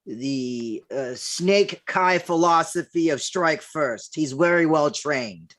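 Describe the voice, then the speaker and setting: A man's voice: fairly high pitch, animated, slow pace, fairly bright tone. A man playing a tabletop game, joking and complaining wryly in character and out. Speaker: player. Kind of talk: tabletop role-play chat.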